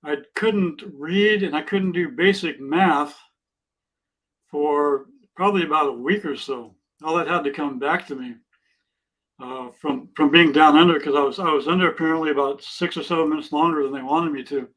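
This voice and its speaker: Earnest man in his sixties, higher voice. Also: normal speed, a bit bright, poor audio. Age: 60s. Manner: earnest, plainspoken, speaks of faith. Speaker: podcast guest. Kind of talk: casual interview chat.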